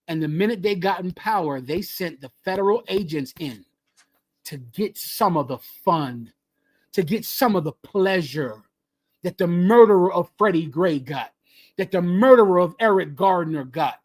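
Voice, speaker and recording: A man leading a group and preaching in a fiery, emphatic way, repeating his phrases and swinging from loud bursts to hushed lines. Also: fairly high pitch. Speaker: group leader teaching scripture. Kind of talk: fiery street-style preaching.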